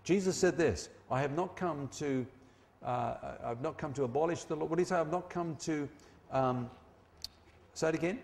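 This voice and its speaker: A man preaching a sermon, emphatic, slowing down and dropping low on key phrases. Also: creaky, darkish tone, in a large hall.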